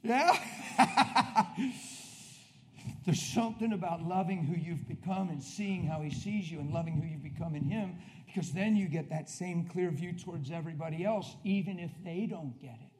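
A man with a high voice preaches with fire to a church congregation. He shouts the big lines, then drops to soft, chatty asides. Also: moderate pace. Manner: intense, shouting bursts then quiet confiding asides. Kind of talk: passionate sermon.

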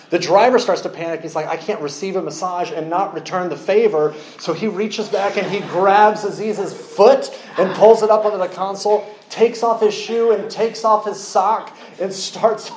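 Animated storytelling preacher, fairly high voice. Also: male voice, echoey room, low-quality recording. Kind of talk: sermon.

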